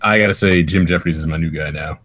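A man's voice: low voice, quick pace, fairly bright tone. A young man co-hosting a podcast in casual chat, stammering often, teasing the others, and swearing freely. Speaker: podcast co-host.

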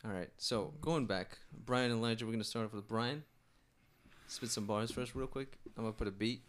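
A young man hosting a casual podcast chat, playful and quick to laugh. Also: on the low side, fairly even intonation, slight background noise. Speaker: podcast host.

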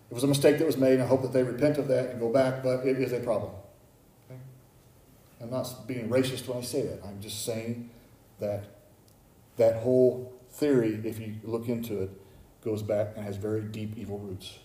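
A man preaching a sermon as pastor, building from low, quiet warnings to high, urgent calls. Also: roomy sound.

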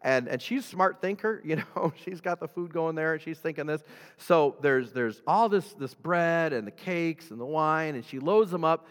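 Animated preacher in a reverberant hall. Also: male voice, fairly high pitch, normal speed, clean tone. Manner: animated, chuckles often, talks directly to the congregation. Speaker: pastor. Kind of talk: conversational sermon.

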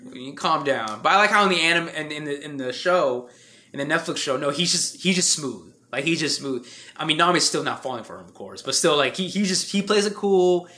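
Animated, high-voiced young man. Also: fairly quick. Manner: animated, laughs often, puts on voices when quoting. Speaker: podcast co-host. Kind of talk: casual chat.

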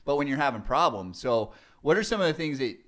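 A young man hosting a casual podcast about parenting, joking and animated, acting out quotes as he talks. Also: mid-range voice, fast talker. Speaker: podcast host, father.

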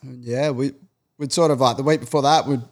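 A man's voice: mid-range voice, steady tone, fairly quick, darkish tone. A man telling a long story in casual chat, rambling and peppering his talk with fillers. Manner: rambling, heavy use of filler "like".

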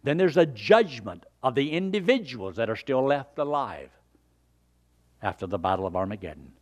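An older man preaching a sermon and telling his own conversion story in an earnest, folksy way, swinging from loud emphasis down to hushed near-whispers. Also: medium pitch, sing-song, moderate pace. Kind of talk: sermon with personal testimony.

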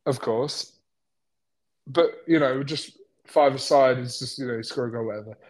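A man's voice: medium pitch, moderate pace, darkish tone. A man, co-hosting a podcast in a rambling, self-mocking casual chat. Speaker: podcast co-host.

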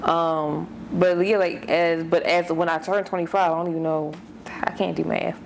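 A woman in her late twenties co-hosting a casual chat, rambling and relaxed with lots of fillers. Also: on the low side, normal speed, vocal fry, slight background noise. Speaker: podcast co-host.

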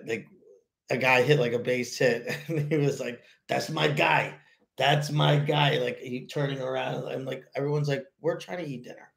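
Gravelly rambling New podcast host. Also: male voice, medium pitch. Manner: rambling, animated storytelling with many fillers and restarts. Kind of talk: casual solo podcast chat.

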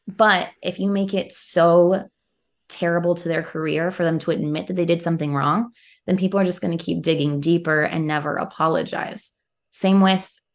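A woman's voice: on the low side, creaky. A young woman, an actor and guest, talking earnestly in a casual podcast interview. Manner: earnest, quick bursts with laughs.

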